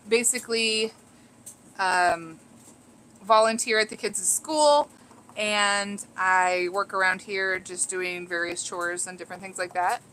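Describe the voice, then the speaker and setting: A woman's voice: fairly high pitch, sharp tone, slight background noise, rough recording. A woman chatting casually on a home livestream, reading viewer comments aloud, giddy and laughing often. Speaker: vlogger reading live chat.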